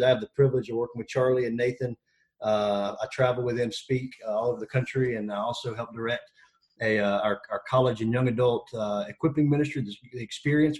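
A man in his thirties talking as a podcast guest, energetic and joking as he tells stories. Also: mid-range voice. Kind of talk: casual podcast conversation.

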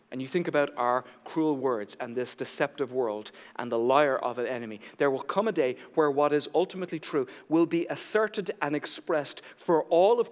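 A male pastor with a high-pitched voice delivers an impassioned sermon. He swings from ringing declarations to quiet, hushed emphasis. His voice carries a long reverb through the church sanctuary.

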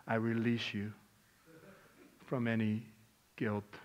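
Delivering a sermon at a measured pace, a middle-aged pastor with a medium-pitched voice shares a personal story, pausing often. His delivery moves dramatically between quiet, hushed moments and loud, emotional ones.

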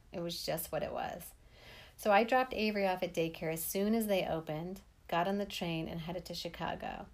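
A woman with a lower voice narrating her own life story. She tells it plainly, with dry, wry asides. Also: creaky, darkish tone. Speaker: memoir narrator. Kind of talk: first-person memoir storytelling.

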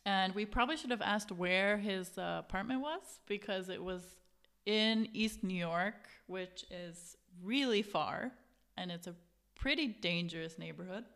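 Young woman, casual storyteller, animated with voices, swears freely. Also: mid-range voice, unhurried, vocal fry, smooth. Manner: animated, acts out quotes, swears, laughs often. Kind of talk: casual chat.

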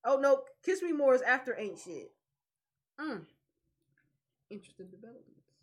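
A woman's voice: high-pitched, big pitch swings, moderate pace, lo-fi sound. A woman co-hosting a podcast in casual chat, who giggles and breaks into laughter often. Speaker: podcast co-host.

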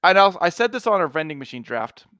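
A man's voice: high-pitched, big pitch swings, fast, fairly bright tone, no echo, studio quality. A man co-hosting a casual podcast, talking emphatically and getting worked up over small opinions. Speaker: podcast co-host. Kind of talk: casual chat.

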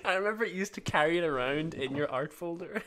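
A young man hosting a casual chat with friends, throwing in quick jokes and bursts of laughter. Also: fairly high pitch, expressive, background noise.

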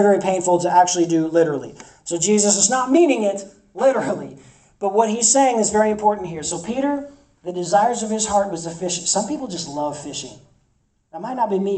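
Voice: medium pitch, dark tone, roomy sound, distant mic, low-quality recording. A campus ministry preacher delivering an emphatic sermon, repeating phrases for effect.

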